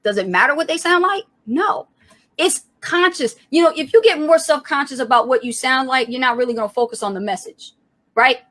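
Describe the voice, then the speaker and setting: An energetic woman hosts a live coaching stream with a high, bright, forceful voice. She projects like a trained public speaker and talks to viewers by name in a motivating way. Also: a little fast. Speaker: co-host of a live coaching show.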